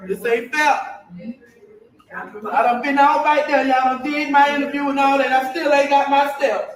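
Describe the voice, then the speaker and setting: A woman's voice: sits high, level tone, normal speed, slight background noise, close to an everyday voice. A woman comedian playing a weary older single mother who complains over and over about her food stamps. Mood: fed up. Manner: exasperated, repetitive complaining. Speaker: comedian in a sketch. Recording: echoey, distant clip with faint ambience.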